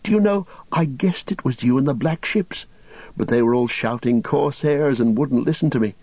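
A man voicing an excitable young male hobbit who chatters eagerly in a storybook reading. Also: medium pitch, moderate pace, slightly rough, no room sound, pitched above the performer's own voice. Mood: delighted. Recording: dull lo-fi recording.

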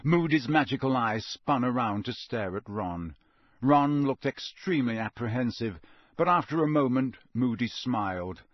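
With a mid-range voice and no echo in the recording, a male audiobook narrator performs scripted narration of a novel. His storytelling is measured and expressive.

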